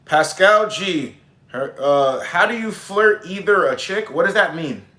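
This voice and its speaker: A man's voice: high voice, animated, unhurried, pushed and bright. Slangy, blunt young man in an echoey room. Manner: slangy, blunt, swears freely; acts out both sides of pickup scenes. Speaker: dating coach streamer. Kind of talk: casual livestream chat.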